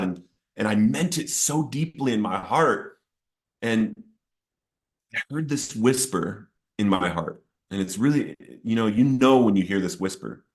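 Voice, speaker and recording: A man sharing a personal testimony of addiction and recovery, earnest and emotional, his voice rising sharply at the intense moments. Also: fairly low pitch. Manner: earnest, emotional storytelling, rising to near-shouting at peaks. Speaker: testimony speaker.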